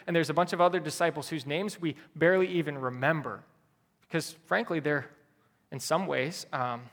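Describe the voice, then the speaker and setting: A man's voice: fairly high pitch, fairly bright tone. A man preaching a sermon as pastor, earnest and repeating key phrases for emphasis. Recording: long hall reverb.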